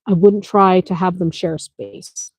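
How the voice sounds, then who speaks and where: A woman's voice: on the low side, fairly even intonation, unhurried, a little mellow, no room sound. A woman who runs a small farm, answering viewer questions in a chatty, practical way, laughing easily and driving points home with "okay?". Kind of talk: casual Q&A explanation.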